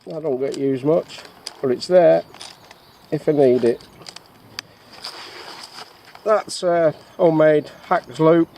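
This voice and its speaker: A man's voice: on the high side, slow, gravelly, long pauses, mellow, slight background noise. A man casually talking through his bushcraft gear outdoors, rambling a little with frequent fillers. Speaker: bushcraft vlogger. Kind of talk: casual show-and-tell of gear. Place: outdoors in the countryside.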